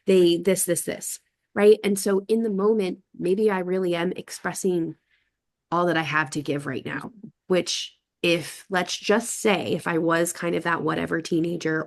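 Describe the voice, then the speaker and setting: A woman talking reflectively in a casual group conversation, wandering through her thoughts and acting out quoted phrases. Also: deep voice.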